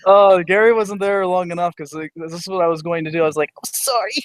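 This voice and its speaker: Podcast cohost guy, kinda high voice, laid back, dry close sound. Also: fairly even intonation, fast, clear, resonant tone, dry recording, low-quality recording. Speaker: podcast co-host. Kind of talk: casual podcast chat.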